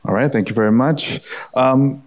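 A man's voice: mid-range voice, moderate pace. A man moderating a conference panel, polished and upbeat with a few fillers.

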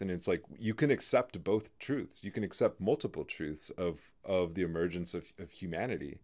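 A man hosting a podcast, talking through ideas in a halting way, full of fillers and restarts. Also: low-pitched, a little mellow. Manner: halting, many "you know" fillers and restarts. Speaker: podcast host. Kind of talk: in-depth conversational discussion.

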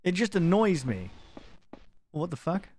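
This gaming streamer talks in a high, darkish voice with big swings in pitch, taking his time as he plays live. His commentary rambles, gets sidetracked easily, and is peppered with swearing.

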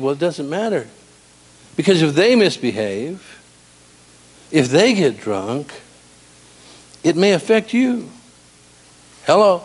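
A man preaching a sermon in a church, animated and storytelling with humor. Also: a little high, measured pace, long pauses. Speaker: pastor. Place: church sanctuary.

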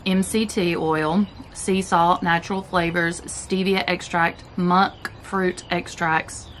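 Chatty southern woman vlogger, lowish voice, laid-back snack review, a little hiss behind. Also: flat delivery, takes it slowly, fairly bright tone. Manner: chatty, laid-back, talks while chewing. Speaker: keto vlogger. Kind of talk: casual chat, food review.

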